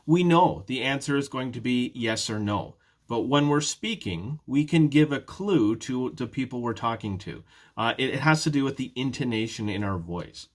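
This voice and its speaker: A man's voice: mid-range voice, animated, moderate pace. A man teaching a prerecorded beginner English lesson, patiently explaining step by step with repeated example sentences and modeling question intonation. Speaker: ESL teacher.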